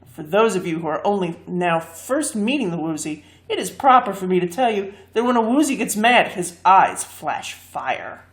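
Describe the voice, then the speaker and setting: A woman reading a fantasy story aloud, expressive and lively. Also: medium pitch, moderate pace, hardly any pauses. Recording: echoey room.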